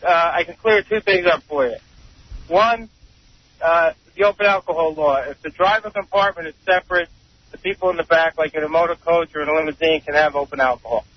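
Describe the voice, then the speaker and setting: A man's voice: on the high side, fairly quick. A man calling in to a radio show, insistent and matter-of-fact as he explains the law. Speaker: caller, state trooper. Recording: dry, muffled phone-in sound.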